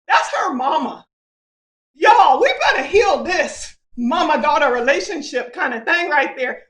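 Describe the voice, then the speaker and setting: A woman's voice: high-pitched, big pitch swings, measured pace, fairly bright tone. A woman co-hosting an online celebration over a video call, exuberant and laughing. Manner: exuberant, laughing, hype chant calls. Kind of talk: lively casual livestream hosting.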